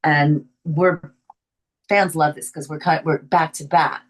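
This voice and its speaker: An older actress from the Bronx with a faint New York accent, telling stories in a casual interview and laughing often. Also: female voice, low voice, slow pace. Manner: animated storyteller, laughs often. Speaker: actress guest.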